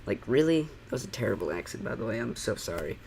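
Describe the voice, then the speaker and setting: A man's voice: on the low side, very animated, quick pace, vocal fry, a little mellow, a little hiss or hum. A man giving sarcastic reaction commentary, rambling and leaning on the word "like" as he pokes holes in what he watches. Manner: sarcastic, rambling, heavy use of "like". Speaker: channel critic.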